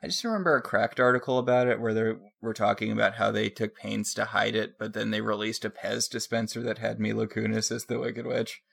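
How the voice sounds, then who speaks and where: A man co-hosting a casual podcast chat, deadpan and rambling through jokes. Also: lowish voice, a little fast, vocal fry, few pauses. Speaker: podcast co-host.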